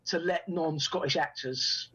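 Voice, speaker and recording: A man's voice: on the high side, unhurried, husky, muffled recording. A man, telling stories from his acting career in an interview and acting out the lines people said to him. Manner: animated anecdotes, acts out quoted dialogue. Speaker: actor and writer guest. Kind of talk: storytelling in a podcast interview.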